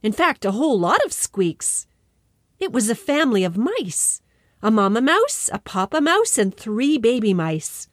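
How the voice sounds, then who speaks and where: A woman telling a children's story, expressive and lingering on repeated phrases as she narrates. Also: a little high, measured pace, dry recording, clean studio sound. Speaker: storyteller and podcast host.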